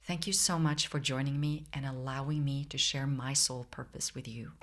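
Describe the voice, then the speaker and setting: A woman podcast host reading a scripted outro in a soft, measured way. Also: a bass voice, steady tone.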